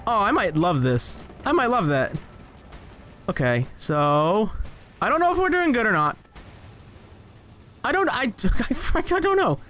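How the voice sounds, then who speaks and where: A young man giving casual, rambling gameplay commentary, joking at himself and jumping into high excited yelps as he plays. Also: a little slow, pauses often, soft background music. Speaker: gaming channel host.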